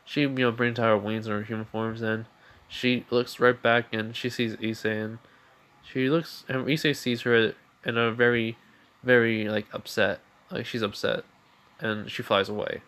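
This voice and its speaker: A man's voice: mid-range voice, steady tone, normal speed, a bit bright. A man improvising a fan story aloud, rambling with many fillers and self-corrections.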